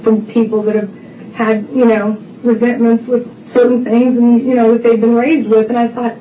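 A woman's voice: a little high, flat delivery, normal speed, slight background noise. Middle-aged woman, chatty testimony, lots of fillers, roomy hall echo, distant mic, muffled sound. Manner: chatty storytelling with many fillers. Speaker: recovery meeting speaker. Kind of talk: personal testimony talk. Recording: roomy distant dull recording.

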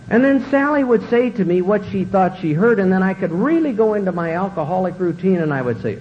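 Middle-aged man, earnest testimony speaker, acts out dialogue; muffled old recording with faint rumble. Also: sing-song, normal speed. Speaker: recovery speaker. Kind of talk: personal testimony talk.

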